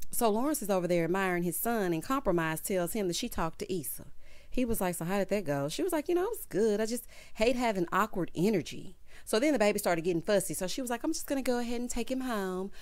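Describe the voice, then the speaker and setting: A woman casually recapping a TV episode, sassy and quick to burst into loud laughter. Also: mid-range voice, animated, no room sound. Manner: sassy, laughs loudly, acts out characters' lines. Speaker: TV recap vlogger.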